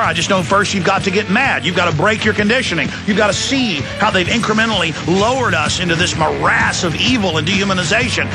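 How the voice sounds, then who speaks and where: A man hosting a live talk radio show, ranting fiercely and shouting at times. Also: sits high, a little fast, few pauses, music in the background.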